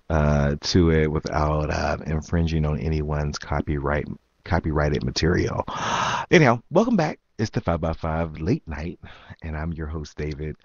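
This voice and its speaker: A man's voice: extremely low pitch, a little mellow, dry recording. A man hosting his own late-night podcast, rambling casually with many ums and jumping from topic to topic. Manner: rambling, lots of ums, jumps between topics. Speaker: podcast host. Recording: dull, dry lo-fi sound.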